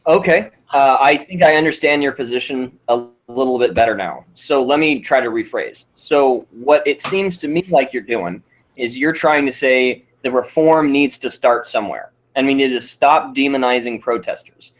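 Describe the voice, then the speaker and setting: A man co-hosting a casual political debate podcast, talking in a measured way, rephrasing and summarizing, with some casual swearing. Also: mid-range voice, poor audio. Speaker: podcast co-host.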